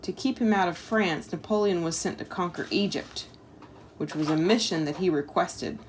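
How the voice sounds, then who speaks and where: A woman's voice: on the low side, moderate pace, a little hiss or hum. A woman, reading a history book aloud at home and chatting about it with her child, with casual asides and lots of "like" and "um". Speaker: homeschool parent reading a history lesson.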